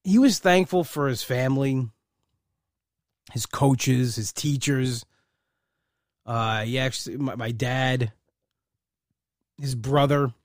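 A man's voice: mid-range voice, slow, long pauses, no room sound, clean studio sound. A man in a casual personal monologue, rambling with many fillers and restarts, heartfelt and proud. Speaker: uncle and godfather.

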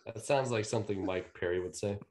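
A man's voice: lowish voice, a little fast, darkish tone. A man co-hosting a podcast in casual chat, bantering and swearing freely as he guesses. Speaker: podcast co-host.

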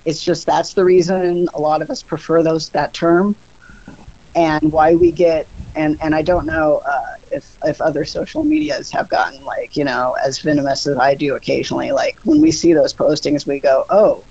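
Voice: mid-range voice, normal speed, a little mellow, highs cut off. A podcast guest talking casually, explaining ideas at length and thinking aloud with fillers along the way.

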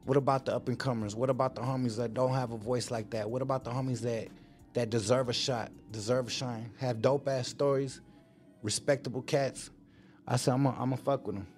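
A man hosting a live talk show, chatting in an excited, slangy way with plenty of swearing. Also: medium pitch, fairly quick, soft background music. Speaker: podcast host. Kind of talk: casual live show chat.

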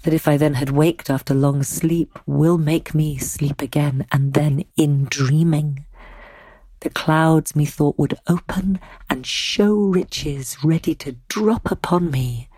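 An actress playing Caliban, the island's brooding male native, reciting verse in a husky, hushed voice that drifts into whispers. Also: low-pitched, no echo, heavily acted.

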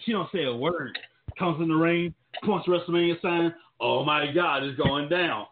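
Male co-host for casual chat, slangy storyteller, a bit high, phone-thin audio. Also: normal speed, slight background noise. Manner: loose, rambling storytelling, slangy. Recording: tinny phone-like sound.

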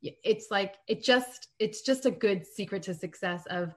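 A woman in a casual live-streamed chat, giving practical parenting advice with quick laughs. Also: medium pitch. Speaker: guest parenting coach.

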